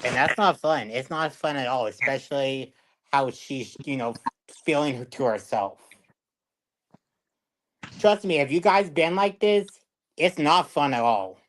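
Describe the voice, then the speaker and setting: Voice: medium pitch, fairly bright tone, poor audio. A co-host chatting casually to viewers, blunt and swearing freely while backing up their partner.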